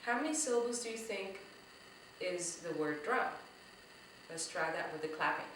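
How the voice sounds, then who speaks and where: A woman teaching a drumming lesson to young children, slow and encouraging, talking straight to the kids. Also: lowish voice, lively intonation, heavy background noise. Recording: echoey room, voice from a distance.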